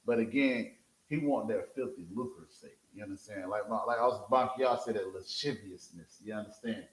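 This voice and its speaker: A man's voice: fairly low pitch, normal speed. Preacher, male, leads a scripture reading in an echoey room, keeps checking his listeners follow. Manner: calls for verses, repeats "you understand?", animated. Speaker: street preacher teaching scripture. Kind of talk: scripture teaching with a reader.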